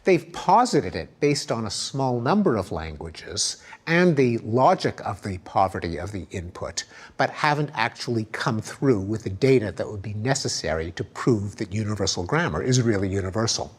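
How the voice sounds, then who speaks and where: A man giving an academic lecture, explaining with lively emphasis and spoken examples. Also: lowish voice, normal speed, breathy edge.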